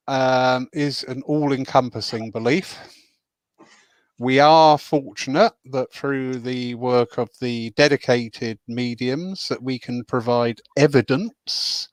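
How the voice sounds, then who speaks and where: A man hosting a relaxed spiritual discussion, voice mid-range in pitch. He talks with earnest emphasis and chatty asides. The recording is dry and close. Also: slow, no echo. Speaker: host.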